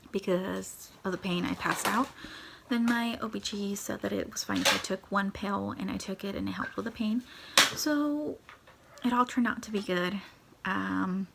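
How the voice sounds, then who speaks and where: A young woman with a gravelly, creaky edge sits and recounts her own story in a casual vlog, sometimes sinking into a soft whisper. Steady background noise runs under the whole recording. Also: mid-range voice. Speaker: vlogger. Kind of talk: personal storytime.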